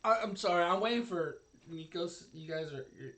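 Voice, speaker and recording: A man narrating a tabletop role-playing game as game master, halting and full of fillers. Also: high voice, bright, forceful tone.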